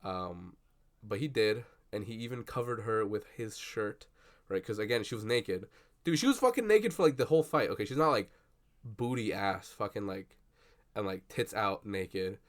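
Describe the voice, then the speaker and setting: A young man chatting casually at his desk about a film he just saw, rambling and swearing with lots of fillers and excited bursts. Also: lowish voice, moderate pace. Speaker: vlogger. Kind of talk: casual movie reaction chat. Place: at a desk indoors. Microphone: computer webcam.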